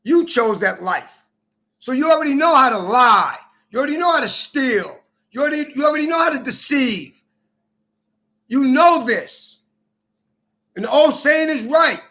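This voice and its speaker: Bright-voiced man ranting bitterly. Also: extremely high pitch, expressive, moderate pace, pauses often. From Minnesota. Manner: bitter, accusing, repetitive, profane. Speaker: vlogger. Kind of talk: angry personal rant to camera.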